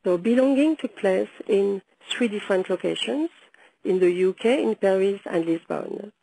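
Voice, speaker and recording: A woman speaking hoarsely from a sore throat, giving a measured webinar presentation with frequent hesitant pauses. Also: medium pitch, expressive, mellow, a little hiss or hum, low-quality recording. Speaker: presenter, founder of a video project. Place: London.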